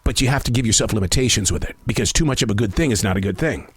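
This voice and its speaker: A man's voice: on the low side, very fast, breathy edge, no room sound, voice pushed down. A man doing a confident food expert. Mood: informative. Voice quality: strong, informative voice.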